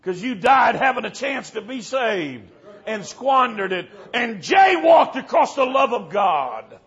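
A preacher delivering a fiery revival sermon in church, moving from low storytelling to shouted warnings. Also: male voice, sing-song, a little slow. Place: church service. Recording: dull lo-fi recording.

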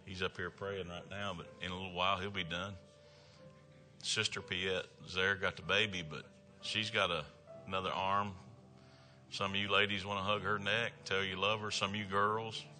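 A man's voice: deep voice, flat delivery, moderate pace, sharp tone, soft background music. A man with a Southern American accent preaching a revival sermon in a folksy, emphatic way, punctuated by amens. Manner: folksy, emphatic, calls out "amen". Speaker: traveling evangelist.

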